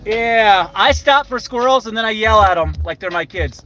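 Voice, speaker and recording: Older male streamer with a high voice, chatting loosely and crudely from his car, music faint underneath. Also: lively intonation, moderate pace, few pauses, pushed and bright, poor audio. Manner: rambling, profane, chats with viewers by name. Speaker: live streamer. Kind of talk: casual live-stream chat.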